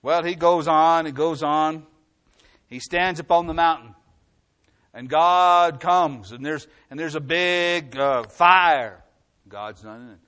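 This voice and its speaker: Preacher man with big loudness swings. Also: fairly high pitch, slow pace, clear, resonant tone. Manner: swings from loud emphatic reading to quiet asides. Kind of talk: sermon, reading scripture aloud.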